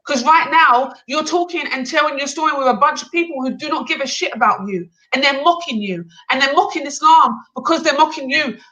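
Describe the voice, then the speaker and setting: High, bright woman, blunt. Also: fairly quick, few pauses, poor audio. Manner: insistent, blunt, swears. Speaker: panel participant. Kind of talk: heated live panel argument.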